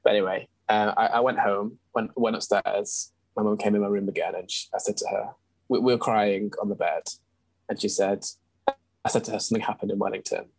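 A young man from England, his voice low and somewhat husky, gives an earnest, candid personal account as an interview guest, complete with ums and restarts. He talks fairly quickly with a flat delivery. The recording is rough, dry, and close, with no room sound.

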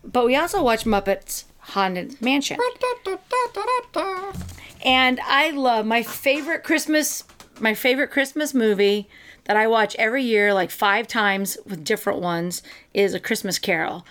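A woman's voice: a little high, a little slow, fairly bright tone. A woman co-hosting a casual chat, talking in an enthusiastic, rambling way with many fillers. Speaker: co-host.

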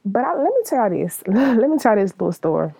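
Gravelly blunt young woman. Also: a little high, big pitch swings, fast talker, warm tone, low-quality recording. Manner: blunt, profane and laughing often. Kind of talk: casual monologue.

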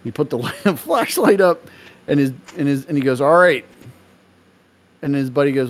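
A man's voice: medium pitch, animated, moderate pace, long pauses. Rambling, laughing male podcast host. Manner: rambling, laughing storyteller with many fillers. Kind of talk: casual podcast chat.

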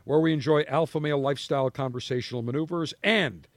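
A man's voice: a little high, fast, dry recording. A man hosting a podcast in casual banter, blunt and teasing, with a mock-military swagger. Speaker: podcast host.

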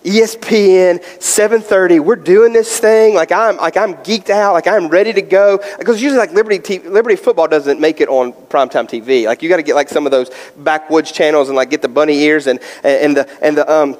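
A man preaching a sermon, telling a story in an animated way with many fillers before turning to scripture. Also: a little high, fairly quick, hardly any pauses. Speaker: pastor. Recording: long hall reverb.

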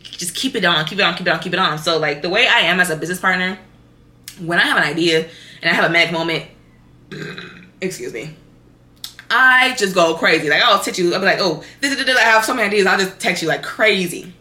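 A young woman talks straight into the mic as a podcast host, candid and swearing freely, her story running on with "like" and "y'all". Her voice is bright and forceful, and the room is echoey around her. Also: fairly low pitch, fairly quick, long pauses. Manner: candid, profane, animated, lots of fillers. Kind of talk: casual storytelling monologue.

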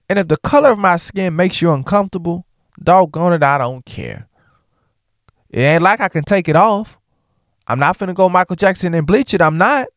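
A man's voice: sits high, no room sound. Outspoken guy, jokey vlog rant, voice swinging up and down, dry close sound. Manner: animated, joking, outspoken. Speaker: vlogger. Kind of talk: casual monologue to camera.

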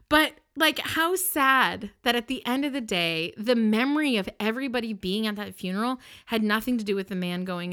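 Woman, podcast host, bright voice, expressive storytelling, laughs often, close mic. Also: medium pitch. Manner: expressive, emphatic, with frequent laughs and restarts. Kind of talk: personal storytelling. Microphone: personal microphone.

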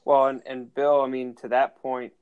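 Flat-voiced man on slightly dull audio. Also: medium pitch, moderate pace, clean tone. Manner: prompting questions, casual fillers. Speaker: interviewer. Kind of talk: conversational interview.

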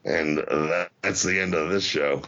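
A man's voice: very deep voice, steady tone, measured pace, pushed and bright. A man hosting a casual podcast chat, swearing freely, rambling and restarting his sentences. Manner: profane, rambling, stammers and restarts. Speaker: podcast host. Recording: dull lo-fi audio.

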